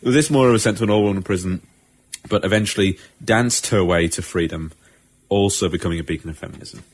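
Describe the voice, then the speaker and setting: A man's voice: sits low, fast talker. A man co-hosting a podcast, teasing the others in a dry way. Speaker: podcast host. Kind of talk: casual comedy chat.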